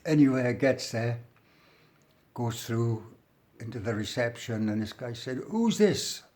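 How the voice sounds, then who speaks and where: A man's voice: medium pitch, steady tone, unhurried, a little mellow. A middle-aged man with a working-class English accent tells his own story in a loose, rambling way. He is blunt and swears freely, and he often slips into the present tense as he talks. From England. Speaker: storyteller recounting his prison life. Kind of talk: casual spoken storytelling.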